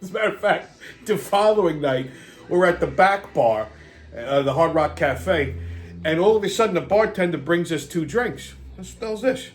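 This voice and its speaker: A man's voice: fairly high pitch, expressive, normal speed, soft background music. A middle-aged man hosting a show, telling a rambling story in a casual, profane and sardonic way, often laughing as he talks. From New York. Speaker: podcast host.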